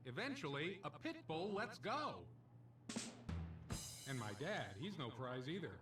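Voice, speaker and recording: Cheesy lounge comic, high lively voice, far off on an echoey stage w faint hiss. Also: male voice, measured pace, over music. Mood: brash. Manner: punchy joke delivery with comic character voices. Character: cheesy male casino stand-up comic, brash. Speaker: stand-up comedian in a game. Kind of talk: stand-up comedy routine.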